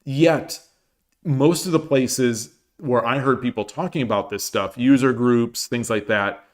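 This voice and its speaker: A man's voice: mid-range voice, a little slow. A middle-aged man chatting casually on his livestream, rambling with many restarts and fillers. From United States. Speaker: streamer.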